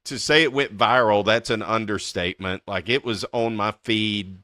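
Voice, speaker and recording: A man's voice: fairly low pitch, normal speed, sharp tone, no echo, clean studio sound. A man hosting a casual interview, enthusiastic and chatty, often laughing. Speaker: podcast host.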